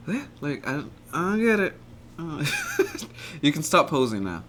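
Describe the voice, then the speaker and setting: A man co-hosting a casual podcast about a movie, expressive and swearing freely. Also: a little hiss or hum. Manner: expressive, swearing freely, with lively swings in pitch. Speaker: co-host.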